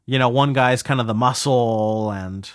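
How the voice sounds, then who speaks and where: A man co-hosts a podcast in casual chat, sounding laid-back and hesitant with many fillers. His medium-pitched voice moves at a measured pace, with clean studio sound and no room sound.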